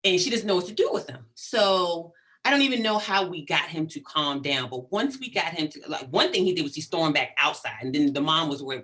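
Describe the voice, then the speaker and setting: A middle-aged woman, a psychologist guest in an interview, talking in an animated, emphatic way and checking in often with "right?". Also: low-pitched, fairly quick, hardly any pauses. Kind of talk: conversational interview.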